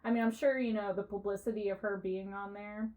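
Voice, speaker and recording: Telling a story in laid-back podcast conversation, this co-host has a medium-pitched voice and talks fairly quickly. She's animated, laughing often and swearing with ease.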